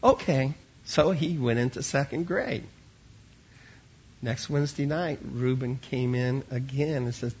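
A man's voice: medium pitch, unhurried, darkish tone, highs cut off, a little hiss or hum. A man who teaches children at church, telling an earnest sermon-style story and often repeating words as he starts a line.

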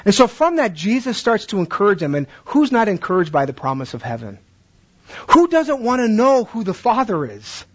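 Man, Bible lesson trainer, higher voice, acts out classroom back-and-forth, dull lo-fi recording. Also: sing-song, moderate pace, breathy edge. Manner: acts out classroom exchanges, asks questions. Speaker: Bible teacher training teachers. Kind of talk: conversational teaching talk.

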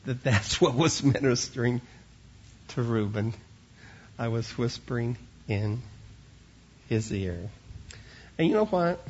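A man who teaches kids at church tells an earnest, sermon-like story in a medium-pitched, slightly rough voice. He often repeats words when starting a line, and the audio sounds dull.

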